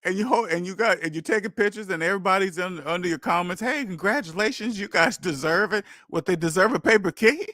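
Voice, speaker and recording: A man in his thirties talks casually as the host, his voice a little high. He is animated, laughs often and slips into mock voices between rhetorical questions. The sound is dry and close. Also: quick pace, hardly any pauses, dry recording. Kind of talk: casual monologue.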